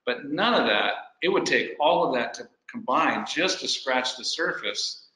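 Bright-voiced man co-hosting a webinar. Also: mid-range voice, expressive, measured pace, reverberant, poor audio. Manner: asks practical what-if questions from a shop owner's view. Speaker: webinar co-host. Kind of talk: business webinar discussion.

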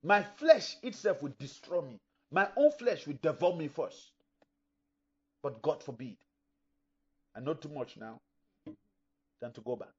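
Middle-aged guy preaching, kinda high voice, emphatic, muffled lo-fi recording. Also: animated, measured pace, long pauses, breathy edge. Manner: emphatic preaching, acts out imagined listeners. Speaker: pastor. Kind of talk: sermon. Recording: dull lo-fi recording.

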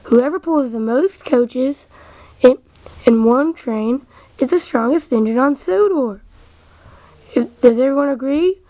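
Woman doing a no-nonsense male engine, high-pitched, soft tone. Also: slow, pauses often, dry recording. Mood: firm. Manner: matter-of-fact, takes charge. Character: sensible, challenging male steam engine.

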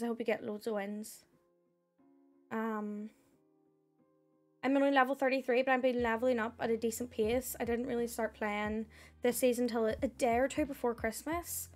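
A young woman with a Northern Irish accent, chatting casually on a live stream and thanking viewers by name. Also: a little high.

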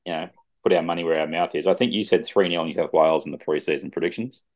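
Speaking fast in a low voice, a man co-hosts a rugby league podcast over a video call. The sports chat is casual, with relaxed, joking banter.

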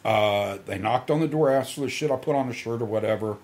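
A man's voice: mid-range voice, a little fast, a little mellow. A middle-aged man telling crude, swaggering stories in casual podcast talk, acting out the quotes and laughing along. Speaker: podcast guest storyteller.

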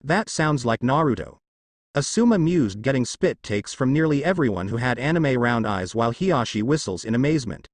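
Lively male fan fiction narrator. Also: medium pitch, fairly quick, few pauses, no room sound.

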